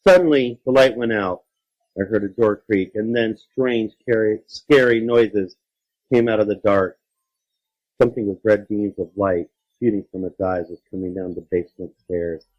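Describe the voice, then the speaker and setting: A man reading a children's scary story aloud, dramatic, dropping low and quiet for suspense. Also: fairly even intonation, moderate pace, dull audio. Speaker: story reader.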